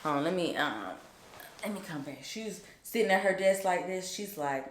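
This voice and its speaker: A woman's voice: lowish voice, moderate pace. A young woman telling a personal story in a chatty, emphatic vlog style, full of fillers. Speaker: vlogger. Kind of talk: casual storytime. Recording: roomy echo.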